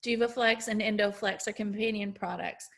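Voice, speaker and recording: A woman in her forties sharing a faith-filled testimonial as an essential oils educator, telling her stories in an animated, exclamatory way. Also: medium pitch, normal speed, gravelly.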